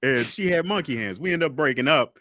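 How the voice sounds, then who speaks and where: A man's voice: a little high, lively intonation, quick pace, bright, forceful tone, dry recording, clean studio sound. A man co-hosting a podcast, telling a profane anecdote in casual chat. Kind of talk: casual storytelling.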